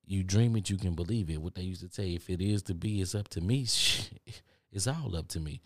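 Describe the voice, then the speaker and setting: Texan male podcast host, low and gravelly, preachy and repetitive, dry sound. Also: brisk, dry recording. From Texas. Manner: rambling, repeats phrases, preachy. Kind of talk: motivational monologue. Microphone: studio microphone.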